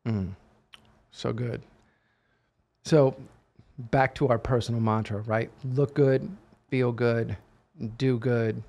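A man co-hosts a casual podcast and talks like a motivational coach, leaning hard on his points. His voice has a gravelly, fry-tinged edge and sits at an ordinary middle pitch. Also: steady tone, slow, pauses often, darkish tone. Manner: emphatic, motivational. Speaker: podcast co-host. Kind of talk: casual chat.

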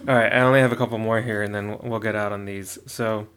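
A man's voice: fairly low pitch, steady tone, quick pace, a bit bright, smooth. Chatty male podcast host, laughing often. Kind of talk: casual chat.

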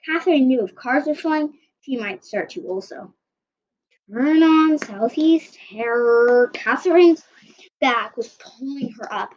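A woman's voice: sits high, expressive, measured pace. A woman reading her own story aloud in an earnest, uneven way, on a dull lo-fi recording.

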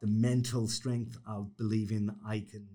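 Man, 50s, low-pitched guest, energetic storyteller who acts out quotes. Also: moderate pace. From Ireland. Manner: animated storyteller, acts out quotes in raised voices, laughs often. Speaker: podcast guest. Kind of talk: casual storytelling interview.

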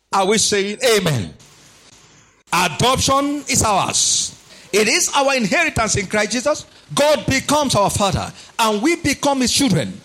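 A man preaching a sermon in a husky voice, emphatic and animated, repeating lines for stress. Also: sits high.

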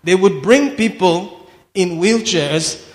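A man preaching a sermon, swinging from quiet asides to shouted declarations. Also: high voice, takes it slowly. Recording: long hall reverb.

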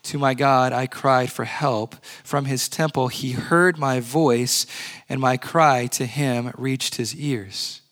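A male pastor preaching a sermon in a church, earnest, slowing and dropping to a hush on key words. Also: mid-range voice, fairly even intonation.

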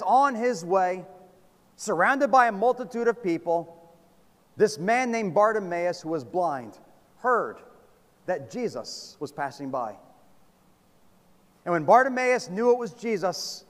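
A man preaching with a very high, lively voice that leaps from loud calls to hushed, low lines. His sermon rings through a long hall reverb, like a church sanctuary.

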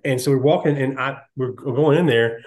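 A man, hosting a podcast and telling stories in a relaxed, chatty way, lively when he quotes others. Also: medium pitch, moderate pace. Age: 50s. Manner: storytelling, animated when quoting others. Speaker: podcast host. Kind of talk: casual chat.

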